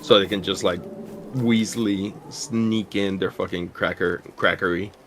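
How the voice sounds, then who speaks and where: A man's voice: deep voice, steady tone, measured pace, noisy background. A man in casual stream chat, ranting bluntly and profanely with many restarts.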